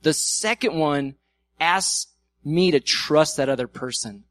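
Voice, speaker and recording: A male pastor gives a sermon in a loose, talky way, slipping into little acted-out arguments for laughs. His voice sits a bit high for a man and is recorded close and dry, with hardly any room sound. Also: slow, a bit bright, no room sound. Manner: conversational, acts out quoted arguments with humor. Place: church.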